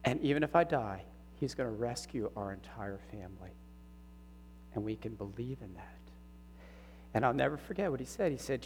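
A middle-aged man preaching a personal sermon testimony, earnest and halting, his voice catching with emotion. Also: fairly low pitch, expressive. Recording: reverberant hall with faint hum.

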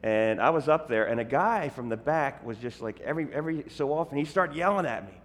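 A middle-aged male preacher telling funny stories in a sermon, animated and self-interrupting, often laughing at his own stories. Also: mid-range voice, brisk. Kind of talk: humorous sermon storytelling. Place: church sanctuary. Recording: long hall reverb in a church.

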